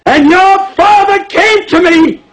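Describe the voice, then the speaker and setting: An actor in his sixties playing a worn-out, proud old salesman who rambles, pleads and bursts into shouting. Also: lowish voice, expressive, unhurried, gravelly, husky, exaggerated voice, poor audio. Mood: pleading, shouting. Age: 60s. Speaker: aging traveling salesman. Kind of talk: film drama acting.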